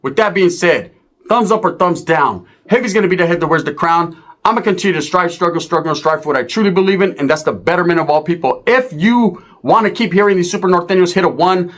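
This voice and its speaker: This man speaks fast with a high-pitched voice. Animated and foul-mouthed, he tells a street story and acts out the voices of the other people in it.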